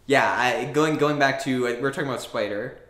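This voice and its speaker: A man co-hosting a casual film podcast, telling movie stories with lively acted-out quotes. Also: medium pitch, fairly quick. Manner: animated storyteller, acts out movie quotes. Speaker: podcast co-host. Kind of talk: casual film-review chat. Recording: roomy echo.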